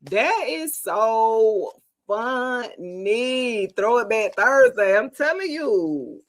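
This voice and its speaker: Lively, chatty woman reading tarot live. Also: a little high, extremely slow. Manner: chatty and playful, laughs often, talks to viewers. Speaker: tarot reader on a livestream.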